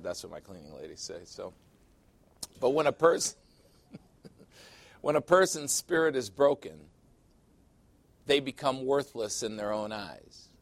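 A man preaching a conversational sermon as pastor, candid and confiding, often dropping into quiet asides. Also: lowish voice.

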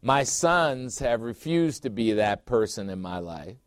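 A man's voice: medium pitch, big pitch swings, measured pace, clear, resonant tone, no echo, clean studio sound. A middle-aged man preaching a sermon as pastor, emphatic, repeating phrases and putting questions to his listeners.

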